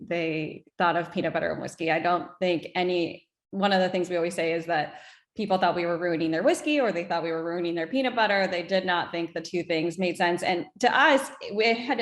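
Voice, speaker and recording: A woman in her thirties, a company co-founder, telling her story in an interview in an earnest, reflective way with halting restarts. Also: lowish voice. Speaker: whiskey brand co-founder guest. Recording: echoey room.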